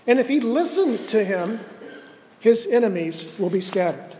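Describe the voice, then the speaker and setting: A man preaching a sermon as pastor, earnest and measured, slowing down to stress key words. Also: high voice, very animated, mellow, big-room sound.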